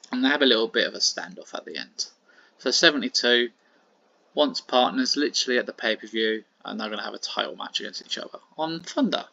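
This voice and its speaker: Brief: bright, casual male game host narrating a wrestling sim, dry and dull recording. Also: medium pitch, animated, a little fast, gravelly, no room sound. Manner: casual, with many fillers and "sort of".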